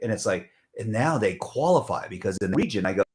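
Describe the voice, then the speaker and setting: A middle-aged man with a lively, swooping pitch, chatting as a guest. He tells stories with energy and slips into other people's voices as he goes. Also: fast talker, hardly any pauses. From Southern California. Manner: animated storyteller who acts out others in voices. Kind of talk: casual conversation.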